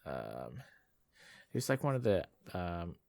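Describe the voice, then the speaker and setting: Australian male co-host, deep and rambling, says "bloody" a lot, dry close mic. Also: sing-song, unhurried, vocal fry, darkish tone, no room sound. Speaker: podcast co-host. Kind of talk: casual movie recap chat.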